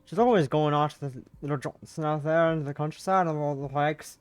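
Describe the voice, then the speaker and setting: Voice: mid-range voice, brisk, clear, resonant tone, dry recording, soft background music, natural voice. A streamer voicing a chatty, kindly middle-aged man with an attempted Glaswegian accent, in a visual novel read-aloud.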